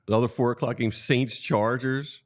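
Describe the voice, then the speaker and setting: A man's voice: medium pitch, fairly even intonation, moderate pace. A man co-hosting casual sports talk, joking and teasing his partner.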